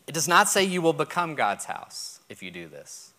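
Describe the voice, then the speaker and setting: A man's voice: on the high side, sing-song, normal speed, hardly any pauses, pushed and bright. A man from Texas with a Texan accent, preaching and teaching, who repeats key points and checks that listeners follow. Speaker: pastor. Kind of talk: sermon teaching.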